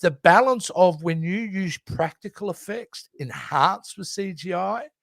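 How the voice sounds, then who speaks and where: A man, co-hosting a casual movie news chat in an animated, rambling way that keeps trailing off and restarting. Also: high voice, unhurried, creaky, dry recording, clean studio sound. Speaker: co-host.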